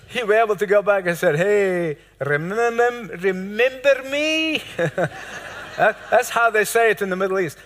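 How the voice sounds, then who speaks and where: Older male pastor, high voice, hall echo. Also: fairly bright tone. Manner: storytelling sermon with laughs and acted-out quotes. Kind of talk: sermon. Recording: long hall reverb.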